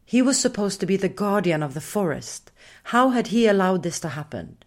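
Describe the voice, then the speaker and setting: A woman voicing a big, soft female forest creature who tells her story in a calm, measured way and gives orders. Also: mid-range voice. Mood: grave, indignant.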